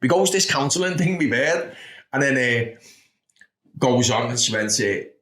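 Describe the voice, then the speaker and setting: A man's voice: medium pitch, expressive, moderate pace, a bit bright. A man in his thirties with a Liverpool accent, telling blunt, sweary stories about his past as a podcast guest. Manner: blunt and sweary, with frequent "do you know what I mean". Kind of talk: candid storytelling. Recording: roomy echo.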